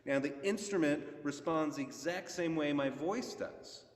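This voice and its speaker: Trombone teacher in a reverberant hall. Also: male voice, fairly high pitch, measured pace. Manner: relaxed, explanatory, with sung demonstrations. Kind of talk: masterclass instruction. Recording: echoey hall, far from mic.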